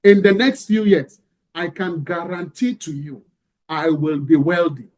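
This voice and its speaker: Brief: emphatic male motivational speaker, high voice, preaching style. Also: steady tone, unhurried, a little mellow. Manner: preaching, rhetorical questions, emphatic. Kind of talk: motivational lecture with a story.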